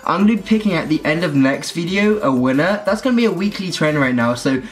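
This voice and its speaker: Chatty high-voiced young man vlogging. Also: animated, fast talker. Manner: chatty, upbeat, addresses viewers directly. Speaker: vlogger host. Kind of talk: casual vlog chat to camera.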